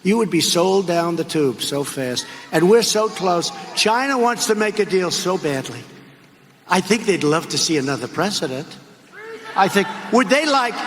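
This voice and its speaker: Older male politician, rally speech, rambling and repetitive; high, forceful voice in a reverberant arena. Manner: rambling, repetitive, mocking asides. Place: large arena or hall. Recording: echoey arena rally clip with faint noise.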